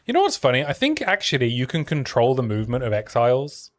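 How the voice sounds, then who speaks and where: A man's voice: mid-range voice, huge pitch swings, quick pace. A man chatting casually while streaming a video game, joking around and trailing off with fillers. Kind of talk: casual gameplay chat.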